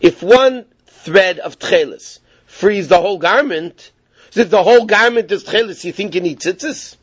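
A man voicing a scornful nagging wife who mocks her husband, with a husky, scolding voice, in a dull, dry recording. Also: high voice, expressive, moderate pace, dry recording. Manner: scolding, derisive.

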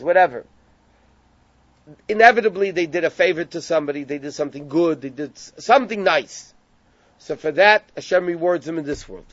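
A high-pitched male teacher leads a Gemara class, narrating the story while translating the Hebrew phrase by phrase. It's a dry, somewhat dull recording without any room sound.

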